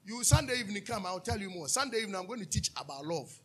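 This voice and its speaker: A Ghanaian man preaching a sermon as pastor, animated, drifting into sung lines and asking his listeners to answer back. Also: high voice, racing, breathy edge. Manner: calls for audience responses, asks and answers himself.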